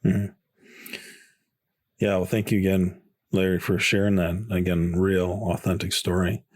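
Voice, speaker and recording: A man's voice: low voice, flat delivery, unhurried, darkish tone, no room sound. A man hosting a podcast, thanking his guest and summing up reflectively. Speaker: podcast host. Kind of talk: casual chat.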